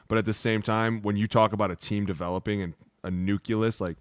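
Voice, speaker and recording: A man's voice: lowish voice, steady tone, fairly quick, no echo. A man co-hosting a podcast, a former lineman, telling crude, laid-back stories in casual chat.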